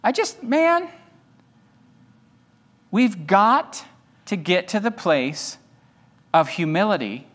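A man's voice: a little high, a bit bright. A male pastor preaching an emphatic sermon, firing rhetorical questions at his congregation. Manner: talks straight to the congregation.

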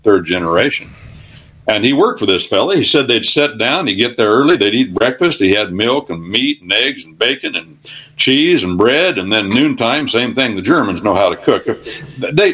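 An older man with a lowish voice speaks as a talk radio guest. He rambles through folksy anecdotes and breaks into sermon-like questions, homespun and unhurried. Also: fairly bright tone, husky.

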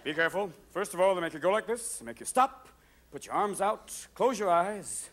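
A man doing a manic stand-up routine on a theater stage, switching voices rapidly. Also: sits high, animated. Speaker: stand-up comedian. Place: theater stage before a live audience. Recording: live concert recording with loud crowd laughter. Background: audience laughing.

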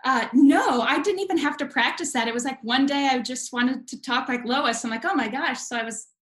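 Playful chatty woman, higher voice. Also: brisk, echoey room. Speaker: guest. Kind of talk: casual interview chat.

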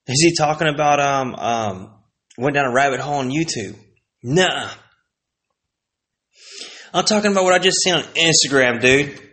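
Vlogger, male, casual rambling rant, heavy swearing, slightly high voice. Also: normal speed, long pauses, sharp tone. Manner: profane, exasperated, rambling. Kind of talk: casual ranting monologue.

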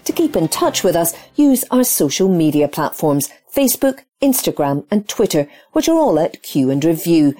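A woman announcer reading a scripted notice, spelling out contact details carefully and clearly. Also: on the low side, big pitch swings, normal speed, few pauses, mellow. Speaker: podcast announcer.

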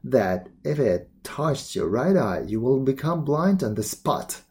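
A man voicing a stern old dervish in a read-aloud storybook, speaking low and solemnly. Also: very animated, a little slow, darkish tone.

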